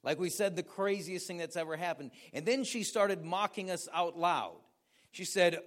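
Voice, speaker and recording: An American man, a pastor, preaching a sermon with animated storytelling and questions for the audience. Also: high-pitched, normal speed. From United States.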